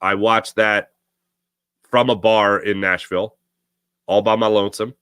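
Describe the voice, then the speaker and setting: Chatty Philly sports host, bright edge. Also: male voice, on the low side, flat delivery, unhurried, smooth, no echo. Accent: Philadelphia. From Philadelphia area. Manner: rambling, conversational, frequent fillers and restarts. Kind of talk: casual sports talk monologue.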